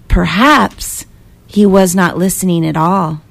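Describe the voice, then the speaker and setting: A woman reading a picture book aloud as a guest reader, with expressive storytelling and voices for the characters. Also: on the low side, a little slow, gravelly, slightly rough.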